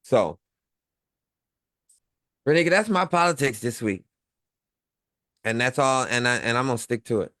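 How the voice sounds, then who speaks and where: A man's voice: mid-range voice, lively intonation, moderate pace, long pauses, a bit bright, dry recording, clean studio sound. A man co-hosting a casual online talk show, talking in a rambling way with lots of fillers and chuckles. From Midwest United States. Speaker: co-host. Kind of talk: casual livestream chat.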